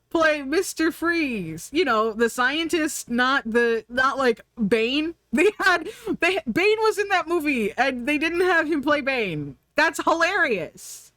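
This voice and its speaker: A woman's voice: sits high, lively intonation, measured pace, bright, forceful tone, no echo. A woman streamer chatting casually while she draws, rambling from thought to thought, laughing often and answering her chat.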